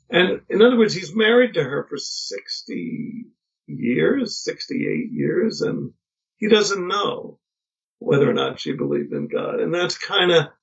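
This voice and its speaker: A middle-aged man, a podcast guest, telling family stories in a reflective, halting way with many pauses and restarts. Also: a little high, creaky, slightly rough. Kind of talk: casual conversation. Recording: dull lo-fi podcast audio.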